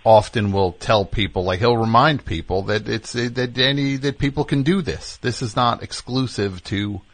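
A man's voice: mid-range voice, normal speed, no echo. A man hosting a call-in radio show in a loose, rambling way, with plenty of ums and restarts. His voice sits in the middle range and is recorded close and dry in a studio. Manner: relaxed, rambling, many fillers. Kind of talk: casual call-in chat.

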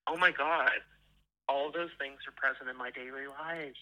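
A man's voice: mid-range voice, steady tone, normal speed, bright, forceful tone. A man from Texas with a Texan accent, chatting on a phone call in a gushing, playful way. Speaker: caller. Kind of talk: casual phone chat.

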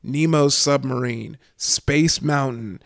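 A man's voice: medium pitch, dry recording, clean studio sound. A man who once worked at a theme park, chatting casually on a podcast, rambling with many restarts. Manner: rambling, restarts and fillers, quick laughs. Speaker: former theme park ride worker, guest.

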